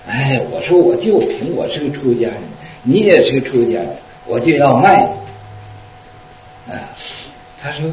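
A man, a Buddhist monk teacher, telling a story in an unhurried dharma talk with frequent fillers. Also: medium pitch, expressive. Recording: echoey, distant, dull lo-fi recording.

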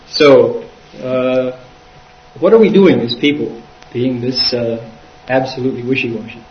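Male interpreter for a dharma talk, lively retelling with voiced quotes; echoey and far off on a dull recording. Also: mid-range voice, measured pace.

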